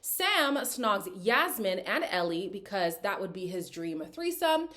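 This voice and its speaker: A woman talking through a reality dating show in a chatty, opinionated way, with a pitch that sits in the middle range. She speaks casually and directly to her audience and keeps the conversation loose and personal. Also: sing-song, unhurried, pushed and bright. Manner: opinionated, chatty, slips into quoted voices. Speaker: reality TV recap host. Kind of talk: casual reaction commentary.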